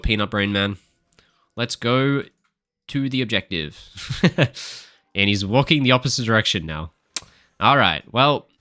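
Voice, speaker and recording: Bright, animated man coaching his game live. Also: lowish voice. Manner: heated, swearing, barking orders at teammates. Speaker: streamer and coach. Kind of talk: live gameplay commentary.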